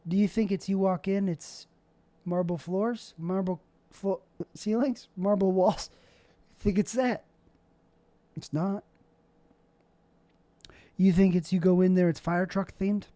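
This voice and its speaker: A man's voice: high voice, fairly even intonation, takes it slowly, long pauses, warm tone, no room sound. Rambling self-deprecating young man. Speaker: show host. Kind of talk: casual solo vlog monologue. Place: indoors at home, his bedroom.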